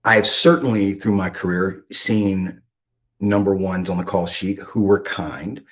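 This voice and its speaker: Low-voiced man hosting an interview. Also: fairly even intonation, fairly bright tone. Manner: measured, thoughtful, with pauses. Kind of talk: conversational interview.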